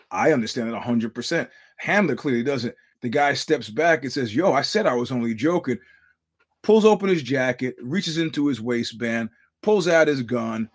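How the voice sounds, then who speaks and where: A middle-aged man talks through his podcast in a loose, rambling monologue. He swears freely and often circles back to restart his sentences. His voice sits at a plain, medium pitch. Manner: rambling storyteller, profane, many restarts. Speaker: podcast host. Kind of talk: casual monologue.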